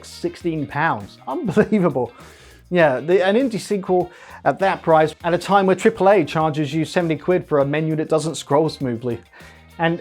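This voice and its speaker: A man hosting a comedic tech news monologue, with punchy, jokey delivery and big swings in pitch. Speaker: host.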